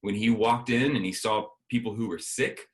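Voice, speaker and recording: A man's voice: on the low side, normal speed, slight background noise. A man giving a sermon as a guest speaker, telling a personal story and acting out the dialogue.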